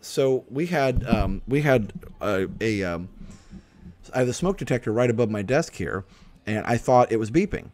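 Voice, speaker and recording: A man's voice: mid-range voice, expressive, normal speed, darkish tone. A young man hosting a casual live stream chat, telling stories in a rambling way with lots of fillers and restarts. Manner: rambling, self-interrupting storyteller with frequent fillers. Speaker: livestream host.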